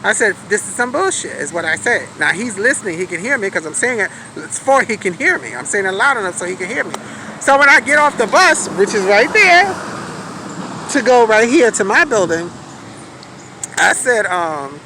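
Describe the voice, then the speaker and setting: An adult woman telling a story outdoors on a street corner in a casual vlog, animated, profane and outspoken as she vents. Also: mid-range voice, moderate pace. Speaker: vlogger. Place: outdoors on a city street corner by a bus stop. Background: light street traffic and passing buses.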